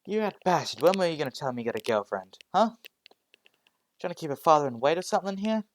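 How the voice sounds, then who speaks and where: A man voicing a loud, teasing father who ribs his son fast and gruffly. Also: on the high side, expressive, pitched above the performer's own voice, natural voice.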